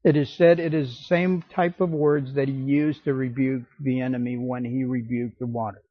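A man preaching a sermon as pastor, slow and emphatic, acting out the scripture quotes. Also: mid-range voice, little pitch movement, no echo, dull audio.

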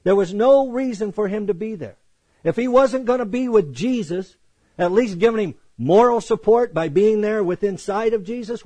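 A man's voice: high-pitched, dry recording. A man preaching a Bible lesson, reading verses and explaining them in an emphatic, conversational way. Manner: emphatic, conversational, animated quoting of scripture. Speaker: pastor. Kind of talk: expository Bible teaching.

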